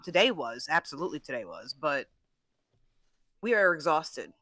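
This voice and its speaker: A blunt, foul-mouthed sports podcast co-host with a bright, forceful voice. The sound is close and dry, with no room around it. The talk is loose and opinionated, and it slips into mock quotes of the players. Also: medium pitch, animated, a little fast, no echo. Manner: blunt and profane, acts out players' imagined thoughts. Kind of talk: casual sports chat.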